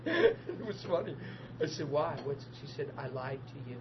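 An earnest male minister tells his faith testimony with plenty of emotion, in a voice that sits high for a man. The recording is dull and muffled. A steady background hiss runs under his voice. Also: measured pace.

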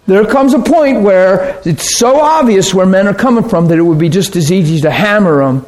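A man preaching a sermon, animated and chatty, acting out harsh voices and laughing often. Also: sits high, normal speed, hardly any pauses.

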